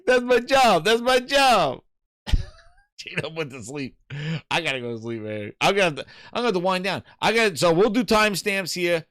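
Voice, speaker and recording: A man hosting a casual gaming show, excitable and slangy, often breaking into laughter while he reacts. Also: a little high, clean tone, dry recording, studio quality. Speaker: host. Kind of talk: casual live-show commentary.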